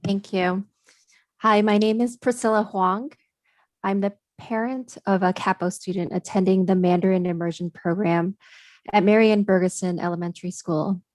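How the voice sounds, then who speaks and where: Woman, parent commenter, steady and factual, mid-range voice, dry. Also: mid-range voice, no room sound. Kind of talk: prepared public comment.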